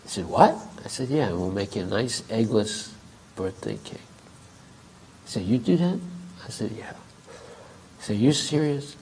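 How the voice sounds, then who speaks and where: Gravelly man telling a story in class. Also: fairly low pitch, lively intonation, moderate pace, long pauses, a little mellow, slight background noise, rough recording. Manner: conversational, acts out quoted dialogue. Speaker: temple speaker.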